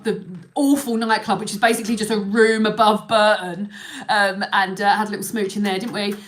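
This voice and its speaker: A woman's voice: mid-range voice, a bit bright. A young woman telling a story to a live audience in a rambling, chatty way, full of fillers and restarts. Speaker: livestream host.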